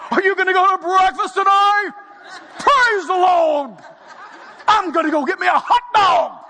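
Guy doing a loud showy preacher, drawn-out churchy shouting, bright piercing voice. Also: extremely high pitch, a faint crowd, a little hiss or hum, voice pushed up, exaggerated voice. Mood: bombastic. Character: over-the-top shouting man preacher, showy.

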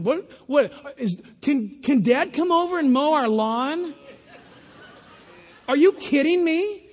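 A man preaching a sermon as a pastor, in an animated style that mocks other voices in put-on quotes. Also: very high voice, slow pace. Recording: long reverb of a large hall.

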